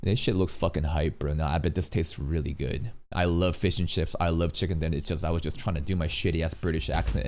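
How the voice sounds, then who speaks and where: A man streaming casual reaction commentary on an anime film, swearing freely, with sudden loud outbursts. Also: a bass voice, steady tone, a little fast, hardly any pauses, slight background noise.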